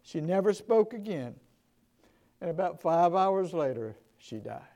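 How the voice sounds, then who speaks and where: A male pastor with a Southern US accent telling stories in a sermon, earnest and emphatic, moving between quiet and loud passages. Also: high voice, sing-song, a little slow. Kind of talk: sermon storytelling.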